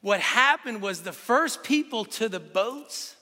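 A man preaches with bright, ringing energy, building his point through stories and rhetorical questions. His voice sits high for a man, and it carries a long reverb from a large hall. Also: takes it slowly. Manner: animated storytelling with rhetorical questions. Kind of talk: sermon.

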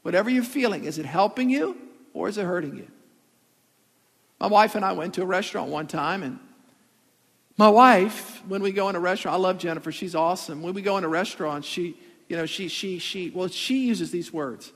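A man preaching a sermon as a pastor, telling a story in an animated way with comic asides. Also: high voice, a little fast. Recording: long hall reverb.

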